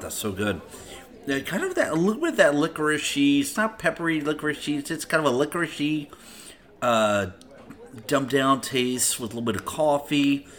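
A man's voice: mid-range voice, fairly bright tone. A man hosting a podcast, tasting and rating a beer in a loose, profane, chatty way with lots of filler. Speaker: podcast host reviewing beer. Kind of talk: casual beer-tasting chat.

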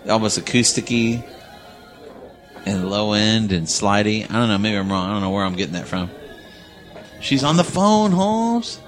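A man with a lowish voice, chatting casually about music with a friend. He muses aloud and cracks jokes as he goes. Faint music plays behind him. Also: steady tone, brisk, fairly bright tone. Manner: musing, chatty, jokey. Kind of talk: casual chat.

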